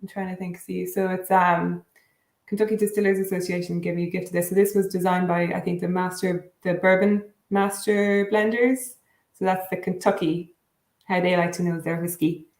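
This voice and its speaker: Woman, whiskey guest, lower voice, chatty and rambling, roomy echo. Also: fairly even intonation, a little mellow. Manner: bubbly, rambling, quick asides. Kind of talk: casual chat, livestream tasting. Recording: echoey room.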